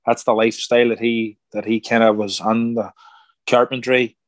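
A middle-aged man, a former boxer turned actor, telling stories in a casual interview, animated and acting out quoted voices. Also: mid-range voice, moderate pace, no room sound. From Ireland. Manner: animated, acts out quoted voices, repeats words. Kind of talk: casual conversational storytelling.

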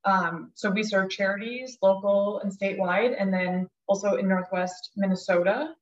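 A woman's voice: medium pitch, moderate pace, echoey room, recorded from a distance, dull audio. A woman from South Dakota, a guest speaking in a casual interview, grateful and full of ums. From South Dakota, USA. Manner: warm, grateful, frequent ums. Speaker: guest, nonprofit director.

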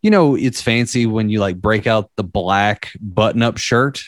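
A man's voice: on the low side, measured pace, no room sound, clean studio sound. A young man in his twenties telling a story in casual podcast chat, rambling and profane with lots of fillers.

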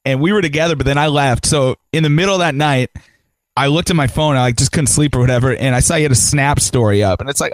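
A man's voice: mid-range voice, fast talker, no echo. A young married man in casual chat, telling a story with laughter and swearing. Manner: laid-back, laughs through his story, swears. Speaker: podcast co-host.

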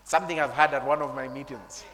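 A man preaching a sermon, animated, laughing often and breaking into shouts and tongues. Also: medium pitch, fast talker. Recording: long hall reverb.

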